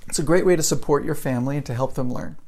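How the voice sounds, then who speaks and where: A man's voice: medium pitch, rapid-fire, warm tone. A man who teaches English, giving a casual live-streamed talk and telling personal stories, often checking in with "right?".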